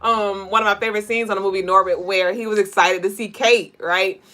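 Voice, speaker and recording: A woman's voice: mid-range voice, steady tone, brisk, pushed and bright. A woman hosting a casual livestream of daily spiritual and tarot readings. She is chatty and profane, laughs often, and reads chat comments aloud.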